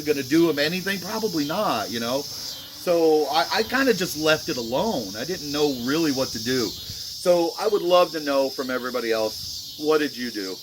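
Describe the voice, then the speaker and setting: A man's voice: on the high side, a bit bright, slight background noise. A man vlogging about a mistake at a dice table, talking in a remorseful, rambling way full of fillers. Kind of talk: casual talk to camera.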